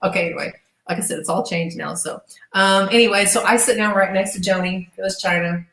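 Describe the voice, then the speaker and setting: Woman, middle-aged, interview guest, casual profane storytelling, medium pitch, echoey room. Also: fairly quick, vocal fry, fairly bright tone. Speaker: interview guest, former gladiator.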